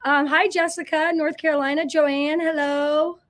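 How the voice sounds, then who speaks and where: A high-pitched woman from Indiana chats easily on a live stream, greeting viewers by name. She is effusive and informal, talking as a company president hosting her weekly question-and-answer hour. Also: flat delivery, moderate pace, a bit bright. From Indiana, USA. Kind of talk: casual live-stream chat.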